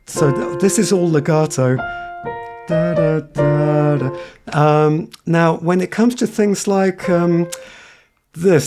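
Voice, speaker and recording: A man's voice: fairly high pitch, slow. Piano teacher, man in his 30s, talks then hums lines in "da da", piano playing under him. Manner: sings phrases on nonsense syllables while explaining. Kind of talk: piano tutorial. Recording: piano played behind speech.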